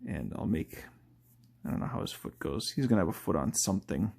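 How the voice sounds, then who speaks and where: A man with a somewhat low voice chats loosely as he sketches, thinking out loud and often leaving his sentences half-finished. He laughs at his own jokes and keeps an easy, rambling live-stream manner. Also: expressive, brisk, creaky, husky. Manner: thinks aloud while drawing, often trails off. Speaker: artist drawing live. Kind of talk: casual live-drawing commentary.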